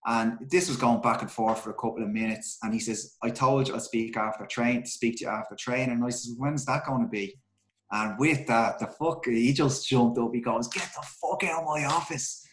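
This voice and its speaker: Middle-aged Irish ex-footballer, candid and sweary, mid-pitched, echoey room. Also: male voice, steady tone, normal speed, slight background noise. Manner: candid, swears freely, many restarts and fillers. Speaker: guest, former footballer. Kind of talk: casual storytelling interview. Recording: roomy echo.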